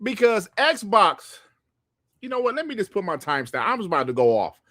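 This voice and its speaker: A man hosting a gaming podcast livestream, ranting in a heated, profane and animated way. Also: high-pitched, fairly quick, dry recording, studio quality. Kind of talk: livestream commentary rant.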